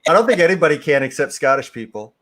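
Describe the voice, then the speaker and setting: Male guest, video call, laid-back and deadpan-funny. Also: fairly high pitch, fast talker. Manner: laid-back, dry joking. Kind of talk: casual video-call chat.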